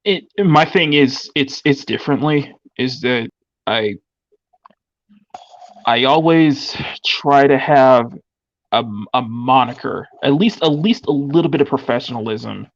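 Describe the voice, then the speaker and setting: A man's voice: medium pitch, a little slow, no room sound, highs cut off. A man streaming, chatting casually and stuttering often as he restarts his sentences. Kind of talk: casual chat on a live stream.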